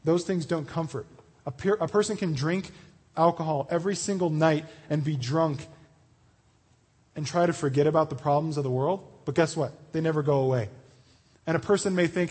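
A man preaching an earnest, animated sermon to a young crowd, acting out quoted voices as he goes. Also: fairly high pitch, moderate pace, breathy edge, long reverb tail.

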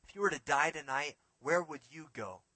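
Forceful, bright-voiced male preacher. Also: on the high side, expressive, normal speed, dry recording. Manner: dramatic, swings between forceful emphasis and hushed lines. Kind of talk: sermon.

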